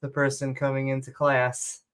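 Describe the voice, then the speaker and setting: A woman hosting a live online call show, reading shout-outs to supporters and dropping sarcastic jokes in a sing-song voice. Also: rumbling low, little pitch movement, normal speed. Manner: joking, sarcastic asides, sing-song bursts. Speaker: show host.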